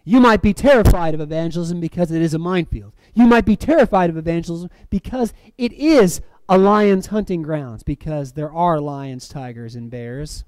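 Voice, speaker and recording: Animated high-voiced male preacher. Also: moderate pace, few pauses, clear, resonant tone, no room sound, poor audio. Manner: animated, swings between loud emphatic lines and quiet dramatic drops; acts out movie quotes. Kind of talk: sermon. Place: church.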